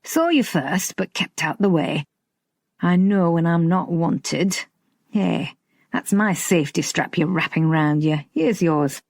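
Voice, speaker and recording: A blunt older Yorkshire man who teases and speaks plainly, put on by a woman reading the story. The delivery is slow and a little husky. It sounds close and dry. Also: fairly low pitch, darkish tone, no echo. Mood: bluff. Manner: bluff, teasing, plain-spoken.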